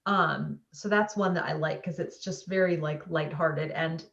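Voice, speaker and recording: A woman's voice: low-pitched, unhurried, gravelly, fairly bright tone, distant mic, highs cut off. Chatty woman on an echoey call. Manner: chatty storyteller, many "like"s. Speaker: book club co-host. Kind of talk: casual book chat. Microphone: video call.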